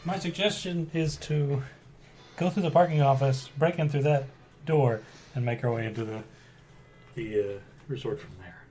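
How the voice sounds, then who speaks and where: A man playing a tabletop game, casually joking and planning his character's moves out loud. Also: medium pitch, moderate pace, a little hiss or hum. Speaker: player.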